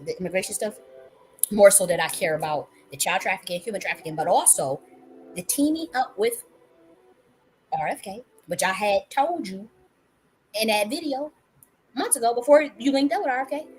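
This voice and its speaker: A woman hosting a livestream who talks casually and emphatically, full of profanity and repeated words. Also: mid-range voice. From Buffalo area, US. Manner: profane, repetitive, emphatic, laughing. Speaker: livestream host. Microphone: livestream mic.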